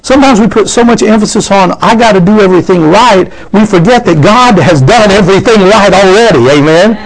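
A man preaching to his congregation, fervent and building to excited peaks. His voice sits a little high for a man and has a gravelly, rough edge to it. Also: a little fast, rough recording. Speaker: pastor. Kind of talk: sermon.

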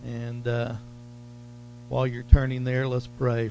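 A man delivers a sermon at an unhurried pace, his voice sitting in an ordinary middle register. He stretches and stresses the phrases that matter most, and a faint mains hum runs under the recording. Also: mid-range voice, completely flat delivery, creaky, warm tone. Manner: slow, emphatic preaching with drawn-out stressed phrases. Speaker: pastor.

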